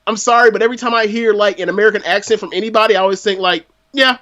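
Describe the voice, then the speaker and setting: A man's voice: high-pitched, fairly even intonation, rapid-fire, fairly bright tone. A man from Florida, a podcast guest, chatting casually and talking around his points with lots of fillers. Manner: talkative, full of fillers. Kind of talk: casual wrestling review chat.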